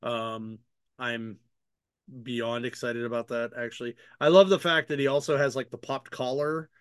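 A man's voice: medium pitch, fairly even intonation, normal speed, smooth, no echo, clean studio sound. A man hosting a casual chat, rambling with many fillers and restarts as he retells story scenes in his own voice. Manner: paraphrases characters' lines in his own voice. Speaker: podcast host reviewing comic books.

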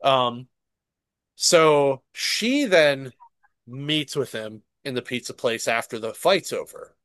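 A man in casual podcast chat, retelling a show in an animated way and swearing freely. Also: medium pitch, takes it slowly, no room sound. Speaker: podcast co-host.

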